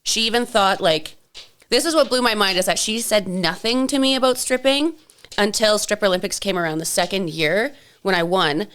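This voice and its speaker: A woman's voice: mid-range voice, animated, normal speed, fairly bright tone, smooth. A woman co-hosting a podcast, chatting casually and telling stories, often acting out what other people said. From Canada. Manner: chatty storyteller, acts out quotes. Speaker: podcast co-host. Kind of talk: casual chat.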